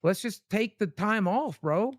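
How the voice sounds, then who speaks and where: Male livestream host, defensive, pleading, slightly high voice, dry. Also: animated, unhurried, no room sound. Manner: defensive, then conciliatory.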